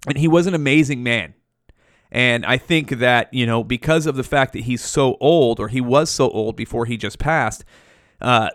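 Man, mid pitch, hosting his show solo; loose, profane, slangy rambling into a dry close mic. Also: a bit bright, dry recording. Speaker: podcast host. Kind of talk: rambling casual monologue.

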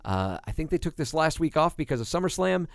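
A man's voice: on the high side, very animated, quick pace, creaky, no room sound, clean studio sound. A man co-hosting a casual podcast, laughing often and swearing casually while he reads out show plugs. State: tired new father. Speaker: podcast co-host.

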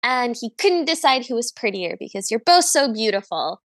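A woman's voice: fairly high pitch, big pitch swings, moderate pace, a bit bright, dry recording. A woman playing a stepmother who gushes over her two daughters in a doting, reassuring way.

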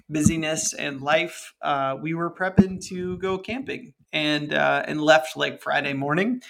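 A man with a fairly high voice co-hosts a laid-back podcast. He rambles through friendly asides and laughs easily as he talks. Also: fairly bright tone. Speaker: podcast co-host. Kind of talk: casual podcast chat.

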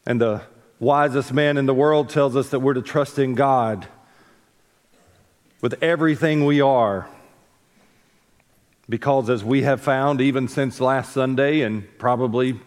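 Male pastor, mid-pitched, casual storytelling sermon delivery, long church reverb. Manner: folksy storytelling with asides and self-corrections. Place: church sanctuary.

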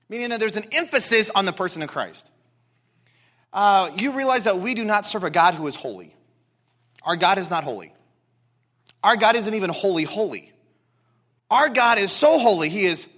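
Excitable preacher guy in a church, really high voice, bright and punchy, goes loud then drops to a hush. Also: normal speed, long pauses. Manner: excitable, emphatic, swings from loud to hushed. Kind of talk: expository sermon. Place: church sanctuary with a seated congregation.

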